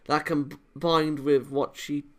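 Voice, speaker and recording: A man hosting a gaming channel, reading visual novel narration aloud and sometimes breaking off into excited asides. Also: a little high, takes it slowly.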